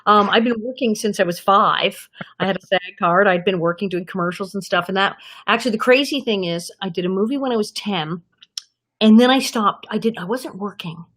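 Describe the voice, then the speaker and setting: A woman in her fifties, a guest actress in an interview, telling stories in a lively way and acting out the people she quotes. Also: medium pitch, a little fast. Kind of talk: anecdotal interview storytelling.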